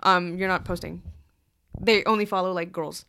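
A woman's voice: on the low side, steady tone, normal speed, pushed and bright, slight background noise. A young woman guesting on a podcast, talking candidly and with opinions. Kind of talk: casual chat.

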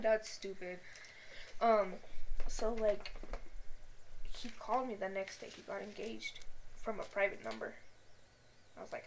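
A woman's voice: medium pitch, normal speed, long pauses, a little hiss or hum. A young woman on a podcast telling a personal story casually, swearing often and acting out what people said. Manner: swears a lot, animated, acts out quotes. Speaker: podcast co-host.

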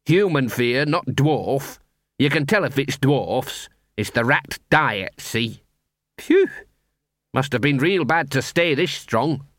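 A man's voice: mid-range voice, expressive, takes it slowly, fairly bright tone, dry recording, studio quality. A male reader voicing a scruffy, cheeky male street dog who talks streetwise slang. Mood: sniffing. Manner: streetwise, cocky, working-class slang.

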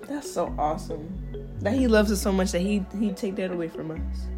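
A woman's voice: medium pitch, moderate pace, music in the background. A woman hosting a podcast, talking about faith in a casual, slangy and encouraging way. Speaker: podcast host.

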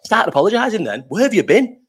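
A man's voice: high-pitched, very animated, quick pace, slightly rough. A man, hosting a casual live chat stream from home, telling rambling stories full of swearing and laughter into a partly covered desk mic. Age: 30s.

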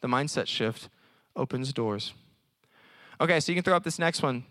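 A man preaching at a college service in a conversational, animated way, often acting out little voices. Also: medium pitch, moderate pace, no room sound. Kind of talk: sermon.

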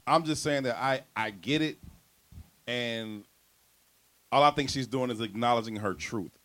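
A podcast co-host speaks at medium pitch in an unhurried, fairly bright voice. His manner is casual, laid-back, and reflective, and he restarts his sentences frequently.

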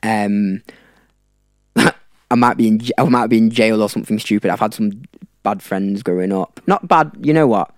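Low-voiced young man telling a story. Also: moderate pace, no room sound, studio quality. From South Africa. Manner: rambling, with fillers and laughs. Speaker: podcast guest. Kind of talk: casual storytelling.

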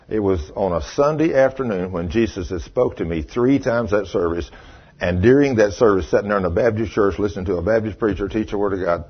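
An older man preaching a sermon tells a folksy story, acting out what people said. His voice is husky and fairly low in pitch, captured on a dull, lo-fi recording.

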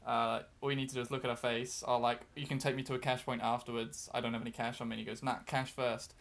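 A man's voice: medium pitch, level tone, fast talker, gravelly, a little hiss or hum. A man chatting casually on a podcast, telling a long story with lots of fillers, restarts and self-deprecating asides. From outside Britain. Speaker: guest storyteller.

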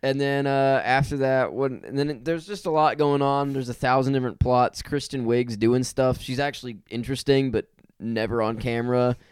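Man, podcast co-host, smooth clear voice, wry profane storytelling, casual movie review chat, dry close sound. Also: medium pitch, fairly even intonation, normal speed, few pauses, dry recording.

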